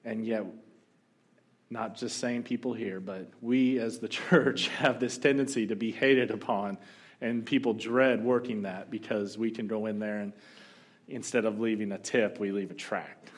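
A male pastor telling a story during a sermon, animated and joking now and then. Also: lowish voice, unhurried. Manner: storytelling, animated, humorous asides.

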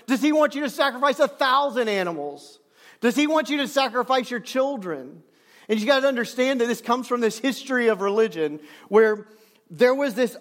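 A male pastor preaching from the stage in a conversational way, with self-deprecating humor and slow, emphatic stresses on key words. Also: high voice. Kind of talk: sermon. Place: church stage.

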